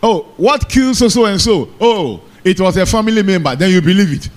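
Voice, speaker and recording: A man's voice: high-pitched, animated, a little fast. A man preaching a sermon in church, often calling out to the congregation for an amen. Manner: call-and-response preaching, asks the congregation for amen. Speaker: pastor.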